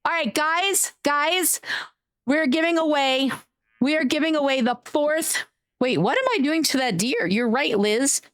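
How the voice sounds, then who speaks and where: A young woman streaming a game, chatting in a bubbly, excitable, giggly way. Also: high voice, measured pace, dry recording, clean studio sound. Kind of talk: casual live-stream chat.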